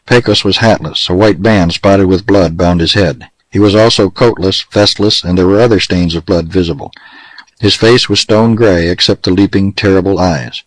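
Male audiobook narrator, low voice, dry close recording, steady western storytelling. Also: normal speed, dry recording, rough recording.

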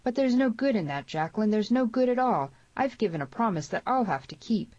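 A woman's voice: a little high, animated, brisk, darkish tone, dry recording, muffled recording, pitched above the performer's own voice. A woman voicing a grave, stern young frontier man who speaks gloomily, in an audiobook.

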